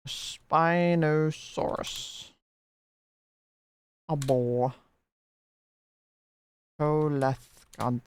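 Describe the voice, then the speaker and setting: Slow, gravelly streamer calling out single words. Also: mid-range voice. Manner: slow, one-word guesses with long pauses.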